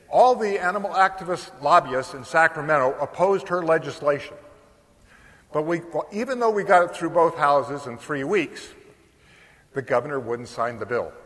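An older man giving a keynote speech at a conference, telling a story in a lively way and often pausing on fillers. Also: on the high side. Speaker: keynote speaker. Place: large conference hall. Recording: long hall reverb.

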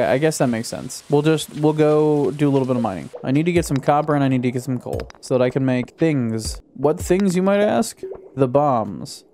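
A young man casually commenting on his own gameplay, excitable and chatty, talking to himself and to the game. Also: medium pitch, slight background noise. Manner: excitable, talks to himself and the game, yelps at surprises. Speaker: gaming YouTuber. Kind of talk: casual let's-play commentary.

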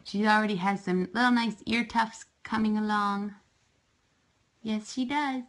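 A woman chatting casually on a home livestream while fostering kittens, cooing at them in soft baby talk. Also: medium pitch, steady tone, a little slow, poor audio.

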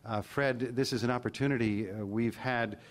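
A man's voice: mid-range voice, steady tone, moderate pace. An older man hosting a radio interview in front of a live audience, asking questions with a dry, teasing wit. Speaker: guest host, radio interviewer. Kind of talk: conversational interview. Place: live event before an audience.

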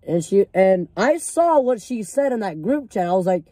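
Teen boy vlogger, warm mellow tone, dry close sound, rambling and swearing. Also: high-pitched, sing-song, moderate pace, few pauses, no room sound. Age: teenager. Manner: rambling, filler-heavy, swears freely. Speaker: storyteller. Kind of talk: casual storytime vlog.

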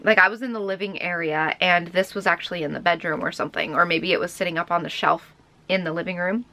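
Bright-voiced young woman vlogger. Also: fairly low pitch, steady tone, fast talker. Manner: emotional, rambling, heartfelt. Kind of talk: casual storytelling to camera.

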